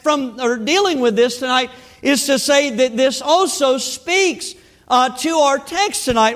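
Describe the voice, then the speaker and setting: A man's voice: very high-pitched, fairly bright tone. A middle-aged man, preaching a sermon that opens with a folksy personal story. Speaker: pastor.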